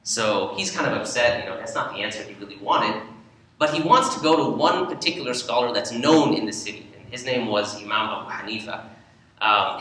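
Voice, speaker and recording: Guy giving a lively talk, bright forceful voice, far from the mic, big echoey hall. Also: medium pitch. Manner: animated storyteller, lively when quoting. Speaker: imam giving a presentation. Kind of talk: lecture with storytelling. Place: church hall.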